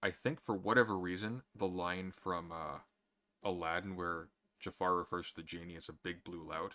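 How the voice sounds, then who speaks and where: A man with a very deep voice, answering chat questions in a casual livestream with dry, sardonic humor. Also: steady tone, normal speed, pushed and bright.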